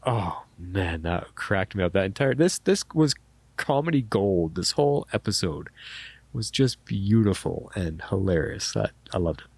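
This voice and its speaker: Man, podcast co-host, enthusiastic casual chat, lowish voice, dry sound. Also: lively intonation, a little slow, gravelly, darkish tone, slightly rough, no echo. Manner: enthusiastic, repeats words as he restarts.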